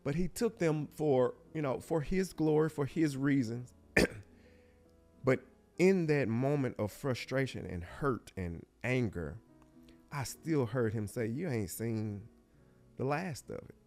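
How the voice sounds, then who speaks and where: A middle-aged man, guesting on an interview program, takes his time recounting a personal story in a medium-pitched voice. Faint music plays behind him as he speaks reflectively and heartfully, often hushing and stopping.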